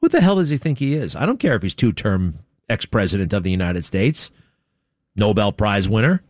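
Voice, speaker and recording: Sarcastic, low-voiced talk show host man. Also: sing-song, brisk, darkish tone, dry recording, clean studio sound. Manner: sarcastic, mocking, rambling. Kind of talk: opinionated talk radio monologue.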